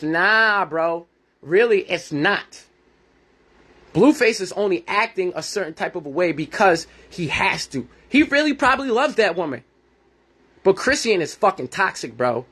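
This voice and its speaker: A man's voice: high voice, fairly bright tone, slightly rough. A man in his thirties hosting a podcast, giving a blunt, profane, heated monologue and acting out conversations he has had. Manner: reenacts his own conversations. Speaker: podcast host. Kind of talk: ranting monologue.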